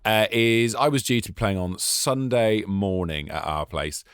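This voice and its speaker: A man co-hosting a golf podcast, telling stories in an animated, jokey way. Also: lowish voice, measured pace, clean tone, no echo, clean studio sound. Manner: animated, jokey, exaggerated storytelling. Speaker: podcast co-host. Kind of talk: casual chat.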